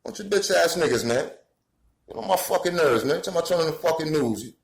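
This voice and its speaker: Speaking quickly in a fairly high, gravelly voice, this New York City man from the Bronx delivers an animated, profane tirade to camera, his anger building into shouting. He's a commentator, and the poor recording echoes around the room.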